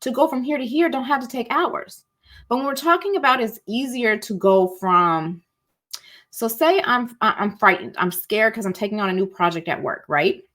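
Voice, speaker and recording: Her voice sits on the high side and a bit bright, moving at a moderate pace. She's leading an online emotions masterclass from a cozy home setting, talking colloquially, saying "y'all," and performing example feelings in little voices.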